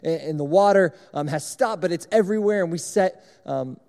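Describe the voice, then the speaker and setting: Animated young preacher in an echoing hall. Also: male voice, high-pitched, brisk, creaky. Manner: animated, self-mocking storyteller. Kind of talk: sermon storytelling.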